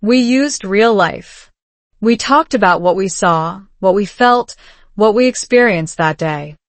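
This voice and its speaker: A woman giving calm, measured scripted narration of a story for English learners. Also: mid-range voice, no room sound.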